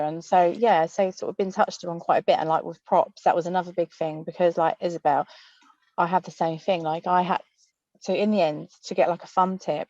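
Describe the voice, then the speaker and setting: A woman's voice: lowish voice, a little mellow, no echo, lo-fi sound. A woman, a magician, chatting casually on a panel over a video call from inside a car, with many fillers.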